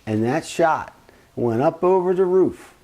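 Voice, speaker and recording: Animated man telling a family story. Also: a little slow. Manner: animated, with big swings in pitch and loudness. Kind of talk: casual first-person storytelling.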